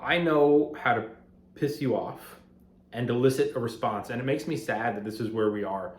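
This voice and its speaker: A finance content creator records a casual talking-head vlog in his apartment, the room giving his voice an echoey, roomy sound. Mid-range and moderately paced, he rambles conversationally before growing heated and emphatic.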